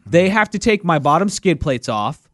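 Guy with a high voice ranting about his day, dry close sound. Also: normal speed, no room sound. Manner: animated, exasperated, acts out quotes. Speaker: radio show regular telling a story. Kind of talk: casual chat, storytelling.

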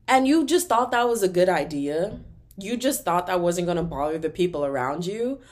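A young adult woman from Texas with a Texan accent, hosting a podcast in a casual, animated solo rant full of fillers. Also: lowish voice. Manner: animated, exasperated, talks fast with many fillers. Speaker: podcast host.

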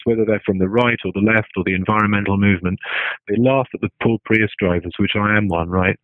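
A man's voice: on the low side, brisk, no echo. A man in casual, hesitant talk who restarts his phrases and keeps checking in with "right?". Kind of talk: casual spoken musing. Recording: tinny phone-like line, dry.

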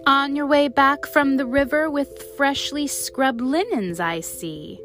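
A woman's voice: sits high, slow, fairly bright tone, faint music behind, pitched above the performer's own voice. Woman voicing a cheeky teasing young girl. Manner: teasing, falsely innocent. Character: quick mischievous younger sister, cheeky girl.

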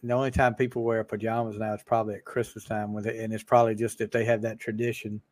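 A man's voice: fairly low pitch, flat delivery, quick pace, darkish tone, no room sound. A man co-hosting a podcast, chatting casually and reminiscing in an easygoing way. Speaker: podcast co-host. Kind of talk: casual chat.

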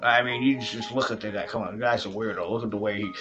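A man's voice: lowish voice, steady tone, fast, music in the background. A man giving a heated, profane casual political rant, speaking straight to his audience as folks. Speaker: vlogger.

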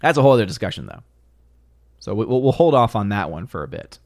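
A man's voice: fairly low pitch, big pitch swings, fast talker, vocal fry, no room sound, clean studio sound. Chatty man hosting a live stream. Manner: chatty, thinks aloud with restarts and small laughs. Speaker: live stream host reading chat. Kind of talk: casual live stream chat.

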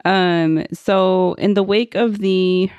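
A woman's voice: mid-range voice, fairly even intonation, slow pace, darkish tone, clear, resonant tone, dry recording, muffled recording. A young woman co-hosting a podcast, chatting casually, laughing often and reading from her notes. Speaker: podcast co-host.

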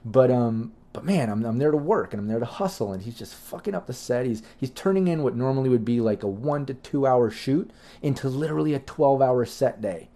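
A man's voice: medium pitch, expressive, fairly quick, mellow. A middle-aged man hosting a livestream, telling loose, profane stories in a chatty, rambling way with lots of fillers. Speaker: livestream host answering chat questions. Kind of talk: casual rambling storytelling.

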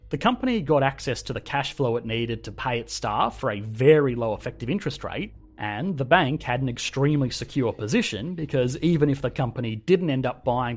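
A man with an Australian accent, hosting a scripted finance explainer in a lively, conversational way. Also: medium pitch, breathy edge. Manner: lively, conversational, emphatic delivery. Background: faint background music.

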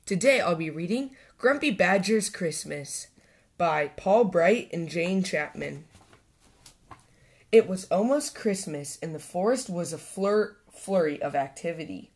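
A woman hosting a storytime channel, reading a children's picture book aloud with gentle expression. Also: on the low side, lively intonation, measured pace. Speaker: storytime host and reader.

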